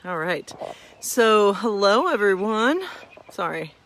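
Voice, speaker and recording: A woman's voice: medium pitch, expressive, slow, fairly bright tone, slight background noise. Chatty, rambling woman pastor at home. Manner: rambling, self-deprecating, chatty with fillers. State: a little out of breath. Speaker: pastor hosting a bedtime story stream. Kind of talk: casual chat to viewers.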